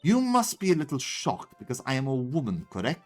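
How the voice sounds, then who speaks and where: Guy doing a cold stuck-up young lady prosecutor, fake german accent, lively swoopy delivery, bit of music behind. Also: mid-range voice, measured pace, full character voice. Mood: haughty menacing. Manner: put-on German accent, admittedly weak; cold, threatening. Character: haughty young female prodigy prosecutor. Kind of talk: game voice-over let's play.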